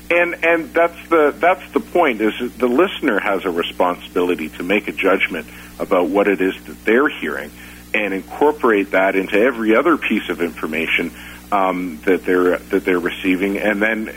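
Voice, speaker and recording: A man hosting a radio talk show, speaking in a halting way with many fillers and restarts. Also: sits low, a bit bright, a little hiss or hum, rough recording. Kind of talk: casual talk-radio conversation.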